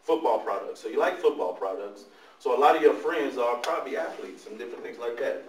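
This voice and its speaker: A man giving an animated motivational talk to young people, telling stories and often turning to the audience with questions. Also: mid-range voice, a little fast, slight background noise. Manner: animated storytelling, talks to the audience. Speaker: motivational speaker. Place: large room, speaking to a live audience. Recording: echoey room, mic far off.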